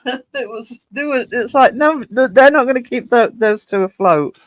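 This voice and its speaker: A man's voice: very high voice, measured pace, no echo. A man hosting a livestream in casual chat, reading out viewer comments and greeting people by name. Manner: chatty, reads viewer comments aloud and greets them. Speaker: livestream host.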